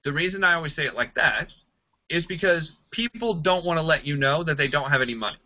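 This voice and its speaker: A man teaching a sales and recruiting class, talking fast and acting out bits of dialogue as he explains. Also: no echo, lo-fi sound. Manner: energetic, acts out quoted dialogue with pitch jumps. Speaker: network marketing trainer. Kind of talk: recorded online class.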